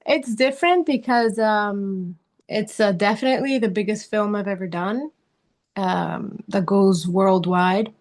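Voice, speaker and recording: Halting, earnest woman actress interviewed. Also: mid-range voice, darkish tone. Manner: halting, searching for words, laughs easily; earnest, speaks of passion and spirituality. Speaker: actress guest. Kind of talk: interview answers.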